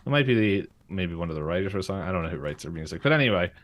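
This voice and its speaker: A man's voice: low-pitched, animated, racing, a bit bright. A man co-hosting a podcast, recapping a cartoon episode in casual chat, rambling with lots of fillers and little laughs. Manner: rambling, full of fillers and giggles. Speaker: podcast co-host.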